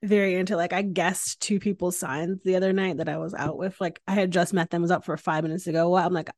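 A woman's voice: mid-range voice, moderate pace, hardly any pauses, a bit bright, no echo, clean studio sound. A young woman from Connecticut hosting a casual interview, chatty and bubbly with many fillers. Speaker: podcast host.

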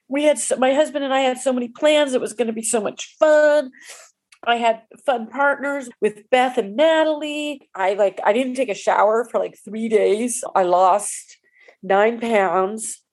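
A pickleball player in her forties tells a personal story, emotional and halting, restarting again and again. Her voice is a little high.

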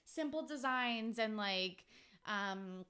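A young woman from Canada hosting a casual podcast, chatty and quick to laugh, filling her talk with "like". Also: on the high side, expressive, pushed and bright. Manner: chatty, laughs often, heavy use of "like". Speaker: podcast host. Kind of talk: casual chat.

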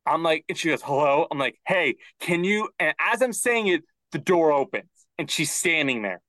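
A young man co-hosting a podcast, telling a casual story and acting out quotes with rising pitch. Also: very animated, moderate pace, pushed and bright, dry recording. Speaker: podcast co-host. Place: closet at home.

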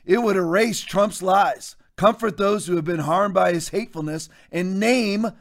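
Emphatic, mocking male commentary host with a fairly high voice. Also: moderate pace, vocal fry. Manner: emphatic, mocking, folksy asides. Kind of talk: political commentary show.

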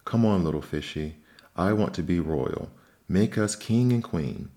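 A man's voice: low voice, animated, unhurried, warm tone. A man voicing a greedy, demanding fisherman's wife in a storybook reading. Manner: demanding, bossy.

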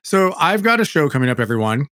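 A man hosting a podcast, talking in an animated, chatty way that keeps breaking off and restarting. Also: fairly high pitch, quick pace, dry recording, clean studio sound. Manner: animated, self-interrupting, chatty. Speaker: podcast host. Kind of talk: casual chat.

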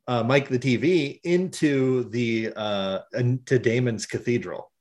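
A man chatting casually as a podcast co-host, recounting events with animated storytelling. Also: mid-range voice, measured pace. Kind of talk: casual chat.

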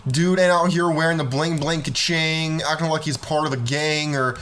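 A man's voice: a little high, fairly even intonation, moderate pace, fairly bright tone. A young man hosting a reaction video, talking in a laid-back, slangy, joking way. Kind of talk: casual commentary.

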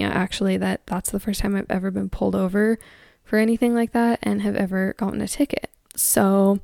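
A woman's voice: medium pitch, gravelly, mellow, dry recording, studio quality. A young woman and mother telling a story to her viewers in a chatty, rambling way, full of likes and ums. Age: young adult. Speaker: vlogger.

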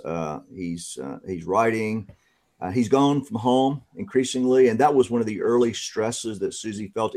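Lower-voiced man, halting storyteller. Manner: relaxed, many "uh" pauses. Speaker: podcast guest and author. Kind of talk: conversational interview answers.

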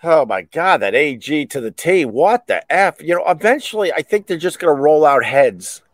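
A man's voice: on the high side, big pitch swings, moderate pace, no room sound. Rambling joking middle-aged male host. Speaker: podcast host. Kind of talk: casual solo chat.

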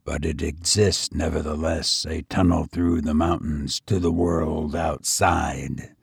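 A man voicing a crafty storybook jailer who talks quietly and in a measured way. The voice is very deep and slow, with a husky edge. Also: little pitch movement, no room sound, studio quality, heavily acted. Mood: sly. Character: cautious, crafty male castle jailer.

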